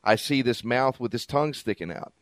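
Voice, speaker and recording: A man's voice: mid-range voice, expressive, brisk, no echo, clean studio sound. A man co-hosting a casual podcast chat, easygoing, with chuckling asides. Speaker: podcast co-host.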